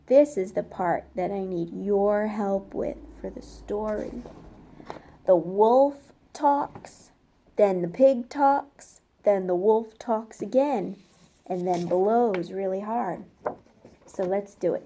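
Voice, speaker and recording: A woman reading a storybook aloud to young children, gentle and slow, asking them questions as she goes. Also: mid-range voice. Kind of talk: interactive storybook read-aloud.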